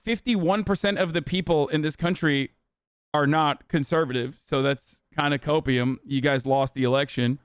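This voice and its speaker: Male live streamer, higher-pitched, sarcastic and swearing freely, dry close sound. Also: moderate pace, clear, resonant tone, dry recording. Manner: animated, sarcastic, swears often. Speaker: live streamer reacting to chat. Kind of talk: casual profane commentary.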